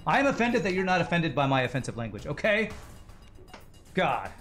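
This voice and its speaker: A man's voice: mid-range voice, a bit bright. A man streaming a game live, rambling and joking with frequent swearing. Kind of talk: live gaming commentary.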